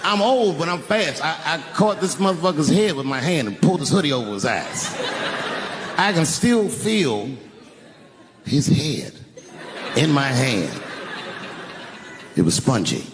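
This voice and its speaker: Man, stand-up comedian, lively swooping delivery, slightly high voice, live venue echo. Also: measured pace, pauses often, noisy background. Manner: animated, profane, punches up lines with shouts. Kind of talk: stand-up storytelling. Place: stage in a large venue. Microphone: handheld microphone.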